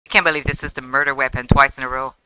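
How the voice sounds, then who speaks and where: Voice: medium pitch, flat delivery, very fast, sharp tone, clear, resonant tone, no echo, rough recording. A streamer giving casual, chatty commentary while playing a game, often exclaiming and breaking off mid-sentence. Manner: chatty, exclaiming, self-interrupting. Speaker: live streamer. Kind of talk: casual let's-play commentary. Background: game music.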